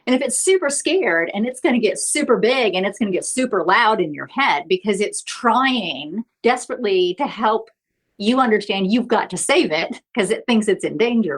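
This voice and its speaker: A middle-aged woman therapist, a podcast guest, explaining earnestly and often checking in with "right?". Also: mid-range voice. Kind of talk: podcast interview.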